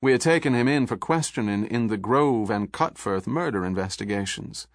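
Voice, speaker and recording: Man playing a smooth southern fed, calm polite and icy, lowish voice, dry. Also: moderate pace, no echo. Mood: cool. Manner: smooth, pleasant, coolly polite. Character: suave, icy male federal agent.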